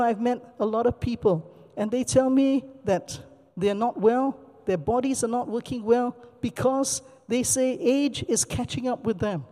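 Mellow-voiced preacher in a reverberant hall. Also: mid-range voice. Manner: storytelling, emphatic repetition. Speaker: pastor. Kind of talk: sermon.

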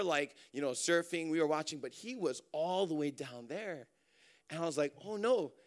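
A man from Hawaii, preaching through a lively personal story with many fillers. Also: fairly high pitch. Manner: animated, chatty, many fillers and restarts. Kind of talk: storytelling sermon.

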